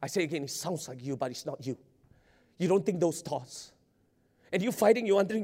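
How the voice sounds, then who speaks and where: A male pastor, preaching a sermon in an excitable way, repeating words and laughing often. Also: on the high side, brisk. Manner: excitable, stammering repetitions, frequent laughter.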